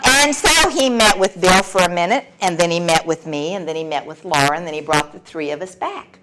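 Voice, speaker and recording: A woman's voice: lowish voice, fairly quick, bright, forceful tone, rough recording. Wry woman in her sixties telling her story. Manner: candid, wry, laughs often through the story. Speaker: speaker sharing at a recovery meeting. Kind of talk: personal storytelling talk. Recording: recording with clear background noise.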